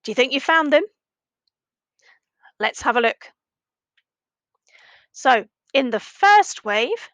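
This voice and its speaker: Slow, clear-speaking woman teacher. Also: fairly high pitch, a bit bright, no echo. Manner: slow, clear, repeating sentences for learners. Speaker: primary language teacher. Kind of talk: recorded video lesson.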